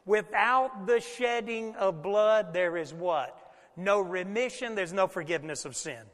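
Male pastor, high voice, lively folksy sermon delivery, long hall reverb. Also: unhurried. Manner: animated preaching with folksy asides.

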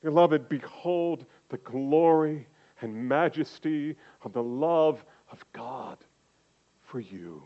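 An older man preaching a sermon, slow and emphatic, swinging from loud declarations down to quiet, intimate asides. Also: a little high, expressive, lo-fi sound. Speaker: pastor.

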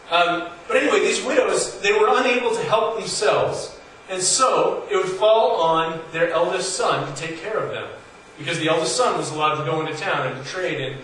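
A man's voice: high-pitched, fairly bright tone. A man preaching a sermon in an earnest, conversational way, his voice rising on emphatic points. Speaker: pastor. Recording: echoey hall from far off, faint noise.

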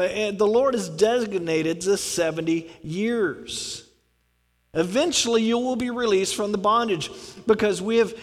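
Pastor, male, high voice, casual joking sermon delivery, long hall reverb. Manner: conversational preaching with humor, acts out quoted prayers.

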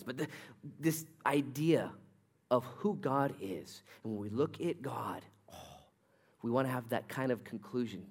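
A middle-aged male pastor delivers a sermon with playful asides and quick jokes. His pitch swings widely as he teaches, rising and dropping through each point. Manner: humorous, animated preaching with jokes and asides. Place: church sanctuary.

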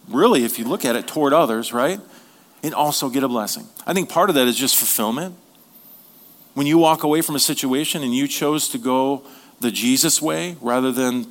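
A middle-aged man preaching a sermon as a pastor, in a conversational, joking way, asking the congregation questions. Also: mid-range voice.

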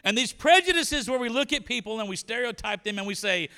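Man, pastor, lively story sermon, high bright voice, church-hall reverb. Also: brisk, clear, resonant tone. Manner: animated storytelling, acting out characters.

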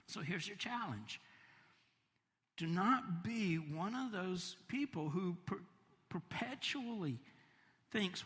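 A man preaching a sermon, animated, swinging between emphatic lines and hushed, soft ones. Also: sits high, slow pace. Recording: long reverb of a large hall.

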